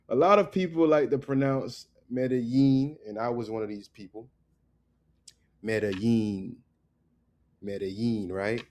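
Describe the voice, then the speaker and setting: A man teaching pronunciation in a casual, joking way, repeating each word slowly. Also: medium pitch, darkish tone. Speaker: Spanish teacher.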